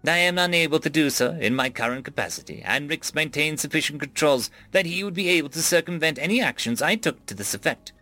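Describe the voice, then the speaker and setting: A man voicing a calm, formal male AI ship core with flat, precise phrasing. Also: a little high, fast, few pauses, voice pushed up. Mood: measured.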